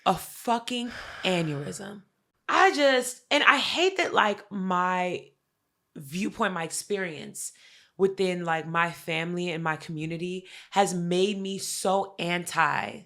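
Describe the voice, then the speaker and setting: A woman co-hosting a podcast in casual chat, telling a family story with lively acted-out quotes and plenty of swearing. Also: lowish voice, slow pace. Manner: animated storytelling, acts out quoted family members, frequent swearing. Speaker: podcast co-host.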